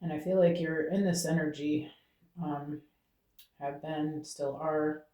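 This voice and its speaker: Talking to Spirit out loud, this tarot reader gives viewers a channeled reading, tagging phrases with "okay?". A warm, medium-pitched voice with fairly even intonation takes its time, and the recording has a roomy echo.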